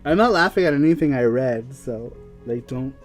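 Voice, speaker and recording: A man's voice: medium pitch, lively intonation, moderate pace, faint music behind. A young man co-hosting a casual show who keeps breaking into fits of giggling. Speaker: podcast co-host. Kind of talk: casual chat.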